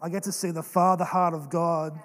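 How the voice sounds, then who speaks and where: High-voiced young man preaching in a hall. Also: a little fast. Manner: earnest, animated storytelling. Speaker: pastor. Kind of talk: sermon. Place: church hall. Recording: long reverb of a large hall.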